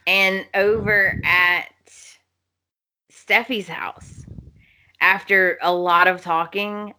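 A woman's voice: fairly low pitch, fairly even intonation, takes it slowly, pushed and bright. A woman co-hosting a podcast, animatedly recapping soap opera scenes, laughing often and acting out characters' lines. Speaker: podcast co-host.

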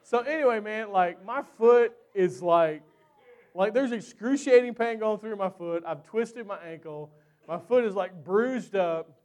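A man preaching a sermon who tells a personal story in an animated, chatty way with lots of fillers, then closes in prayer. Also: high-pitched, a little slow.

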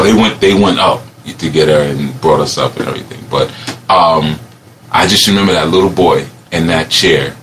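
A man with a very low voice and a forceful, bright edge tells a reflective personal story. His delivery is rambling and animated, and he laughs often along the way. Faint background noise sits under his voice.

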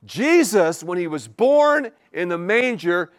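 A male pastor delivers his sermon in a high, very expressive voice that rises and falls dramatically. He hammers single words over and over and fires rhetorical questions at the congregation, sometimes stumbling over his own words as he speeds up. The sound is dry and close. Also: slow pace, no room sound. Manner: animated, repetitive emphatic preaching with rhetorical questions.

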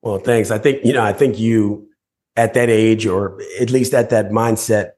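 Husky low-voiced man telling a story. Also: normal speed. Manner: animated storyteller who acts out voices and scenes. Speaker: motivational speaker, guest. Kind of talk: storytelling in a podcast interview.

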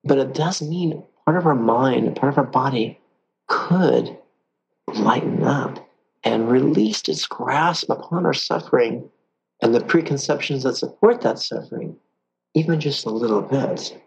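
A man teaching a guided meditation lesson, calm and playful, with drawn-out pauses. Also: mid-range voice, creaky, a little hiss or hum, rough recording.

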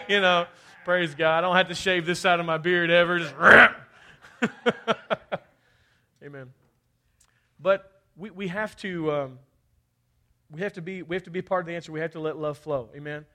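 A man's voice: a little high, steady tone, fairly quick, sharp tone. A man from Kentucky preaching a fervent sermon, often calling out for amens. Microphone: handheld or head mic.

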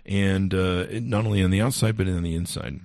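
A man's voice: low voice, a little fast. A male podcast host ranting angrily and profanely in a casual monologue. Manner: angry, profane, animated storytelling.

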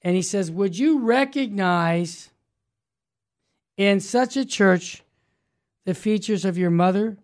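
A man's voice: sits high, slow pace, long pauses. Fervent man hosting religious radio. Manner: fervent, emphatic, builds to loud exclamations. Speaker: radio show host. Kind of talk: religious talk radio teaching.

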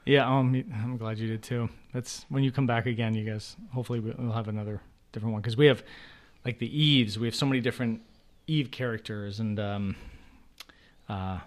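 A man's voice: medium pitch, fairly even intonation, a little fast. Man, thirties, podcast guest, rambling, restarts a lot, laughs easily. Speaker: guest, theater writer and director. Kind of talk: casual podcast chat.

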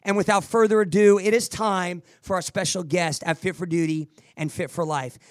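A middle-aged man hosting a podcast and giving energetic, preachy motivational advice, often repeating words as he restarts. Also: high-pitched, normal speed, no echo, clean studio sound. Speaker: podcast host answering listener questions.

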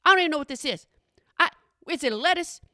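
A woman's voice: sits high, lively intonation, fast talker, sharp tone, dry recording, clean studio sound, pitched above the performer's own voice. A woman voicing a frustrated, indignant young female grocery cashier who fires off exasperated questions. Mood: baffled.

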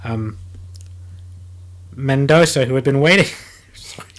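A man hosting a comedy podcast, reading a news story aloud in a halting way with many fillers, casual and joking. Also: medium pitch, a bit bright.

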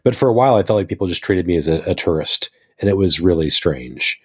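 This very deep, low-voiced American man rambles through enthusiastic stories in a relaxed, conversational podcast chat. His delivery is fast and slightly rough.

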